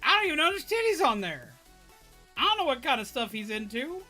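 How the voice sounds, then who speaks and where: A man with a Southern US accent tells a story on a stream in a very lively voice that rises and falls a lot. His tone is bright and a little sharp, and faint music plays behind him. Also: very high-pitched, fairly quick. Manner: animated, with laughs and swearing. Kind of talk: casual storytelling chat. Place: home streaming setup.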